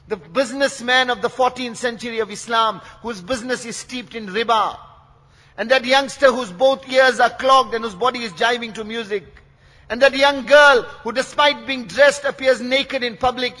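A man preaching an impassioned sermon to a large gathering, swinging from hushed pleading to shouts and rattling off verses at speed. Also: very high-pitched, big-room sound. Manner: emotional, rising to shouts, recites Arabic verses rapidly.

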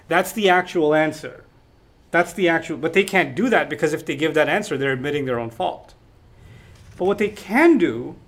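High-voiced man teaching scripture emphatically. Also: lively intonation, brisk, fairly bright tone. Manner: emphatic, explanatory, checks in with rhetorical questions. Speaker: religious teacher. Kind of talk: explanatory lecture on scripture.

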